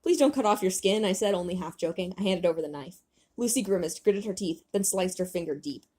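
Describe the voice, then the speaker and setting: A young woman with a husky, slightly breathy voice reads her own childhood novel aloud. Her pitch swings widely as she acts out the dialogue, and she keeps breaking off to mock her old writing. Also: a little fast. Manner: animated reading, breaking into laughter.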